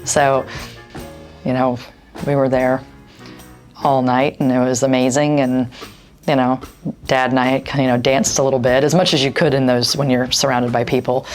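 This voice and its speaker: Daughter interviewee, woman, very low voice, reminiscing, faint music bed. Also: flat delivery, normal speed, a little mellow. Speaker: daughter sharing memories. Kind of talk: interview storytelling.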